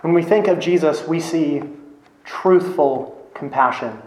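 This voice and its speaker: Male preacher, slightly higher voice, earnest and emphatic, echoey room. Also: measured pace, a little mellow. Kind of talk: sermon.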